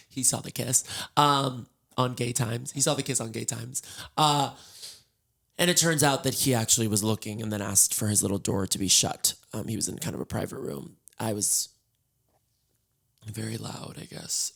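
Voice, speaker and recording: A man with a gravelly, creaky voice talks casually from his bed, tired and a little hoarse. He hosts a solo podcast, wandering off track and joking at his own expense. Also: medium pitch, steady tone, moderate pace, a bit bright. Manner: rambling, scattered and self-mocking. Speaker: podcast host. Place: in bed at home.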